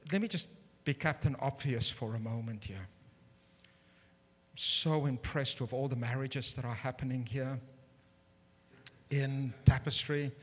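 A man preaching a sermon in a church, animated and humorous with self-deprecating asides, building to loud emphatic peaks. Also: medium pitch, slightly rough. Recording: long hall reverb.

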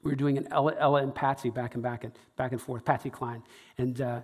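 A man's voice: medium pitch, fast. Rambling man telling a story in a hall. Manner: rambling, lots of fillers and restarts, animated. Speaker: storyteller, stage show producer. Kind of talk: live anecdote to an audience.

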